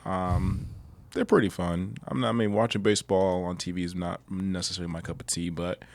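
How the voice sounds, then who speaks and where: A man talks as a podcast guest in a loose, rambling way and laughs often. His voice sits somewhat low. The recording is dry and close. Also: fairly even intonation, a little fast, gravelly, no echo. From Massachusetts. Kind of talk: casual chat.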